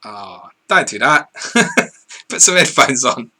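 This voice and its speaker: Sweary, bright-voiced bloke. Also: male voice, medium pitch, big pitch swings, slow. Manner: blunt, sweary, laughs easily. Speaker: livestream co-host reading viewer questions. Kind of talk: casual live stream chat.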